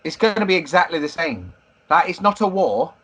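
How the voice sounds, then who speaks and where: A man's voice: fairly high pitch, big pitch swings, brisk, a bit bright. A man with young children, co-hosting a podcast in casual, swearing banter. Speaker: podcast co-host. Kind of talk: casual chat.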